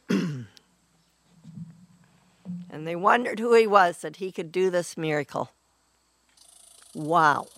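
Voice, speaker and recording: A woman preaching a sermon in an earnest, unhurried way, often clearing her throat. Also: lowish voice, animated, fairly bright tone, no echo.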